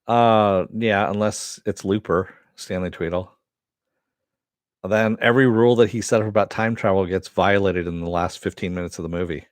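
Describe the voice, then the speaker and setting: A man's voice: deep voice, steady tone, moderate pace, no room sound, clean studio sound. A man hosting a casual live-stream chat, answering viewers and swearing now and then. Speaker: host.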